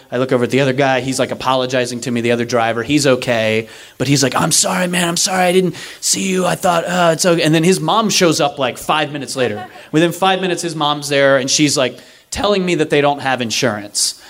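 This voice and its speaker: A young man telling a comedic story live on stage, acting out the other people's lines in an animated way. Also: medium pitch, a little fast. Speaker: stand-up storyteller. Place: live stage before an audience.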